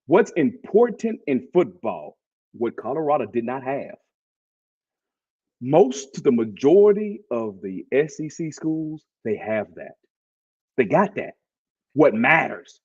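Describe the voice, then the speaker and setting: A man with a Southern twang hosting a casual sports talk show, animated and slangy, leaning on "bro" to drive points home. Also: medium pitch, slow pace, breathy edge, dull audio. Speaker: podcast host.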